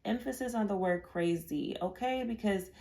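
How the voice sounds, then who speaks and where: A woman's voice: mid-range voice, normal speed, darkish tone. A woman giving a casual pick-a-card tarot reading in a chatty, rambling way, full of fillers and repeated words. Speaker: tarot reader.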